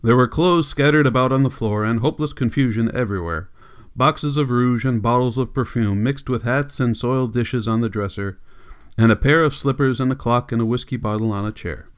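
A man's voice: mid-range voice, a little fast, smooth. Man narrating a classic novel. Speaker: audiobook narrator. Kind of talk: scripted narration.

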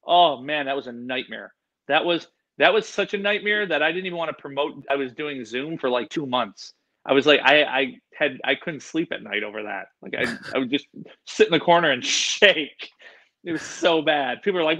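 A man who works as an animal educator, telling stories in a casual interview in an excitable, animated way and mimicking the people he talks about. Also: on the high side, normal speed, muffled recording.

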